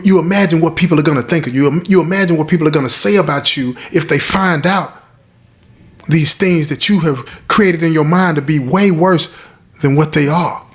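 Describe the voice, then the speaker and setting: A middle-aged man, a former inmate, telling a story in an emphatic, direct way and speaking straight to his listeners. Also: on the high side. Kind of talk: casual storytelling.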